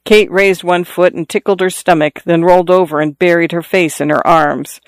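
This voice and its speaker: A man narrates a novel in a measured, even manner. His voice is smooth and resonant and sits somewhat high for a man. The sound is dry and close, with no room around it. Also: dry recording. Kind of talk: scripted audiobook narration.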